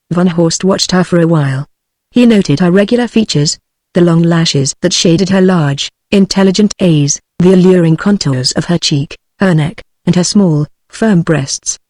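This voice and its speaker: A text-to-speech British woman's voice giving scripted audiobook narration with even, synthetic delivery. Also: on the low side, moderate pace, no room sound. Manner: evenly read synthetic delivery. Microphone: studio-clean synthetic audio.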